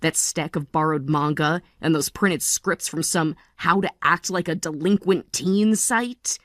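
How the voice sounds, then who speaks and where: A woman in her forties playing a tired but resolute mother in a text-story drama, speaking in a calm, measured way. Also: low-pitched, no room sound, studio quality. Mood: calm resolve. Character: weary, resolute mother leaving her family.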